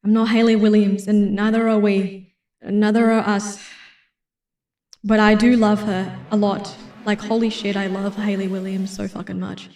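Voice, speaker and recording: A woman's voice: mid-range voice, flat delivery, normal speed, distant mic. A woman streamer chatting casually between karaoke songs, self-deprecating and swearing freely. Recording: roomy, with loud music behind.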